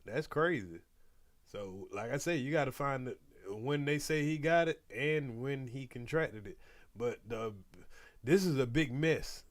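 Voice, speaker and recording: A man talking through a reaction video in a casual, blunt way. He mixes slangy asides with preachy warnings. His voice sits at an ordinary middle pitch. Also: unhurried.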